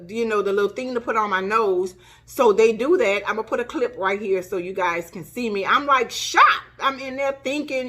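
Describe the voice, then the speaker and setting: Woman vlogger retelling a hospital visit. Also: mid-range voice. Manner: animated retelling, acts out quoted dialogue. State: coughing. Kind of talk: casual storytelling.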